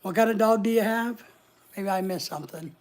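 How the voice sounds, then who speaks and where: A woman's voice: medium pitch, fairly quick, darkish tone. Rambly woman on a livestream, chatting away and reading out the chat. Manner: rambling, chatty, reads viewer comments aloud. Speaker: livestream host.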